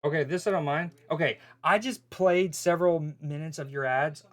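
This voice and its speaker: A man's voice: fairly high pitch, normal speed, a bit bright. A man hosting a live football watchalong stream, talking casually and rambling, often breaking off mid-sentence. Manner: rambling, self-interrupting, bemused.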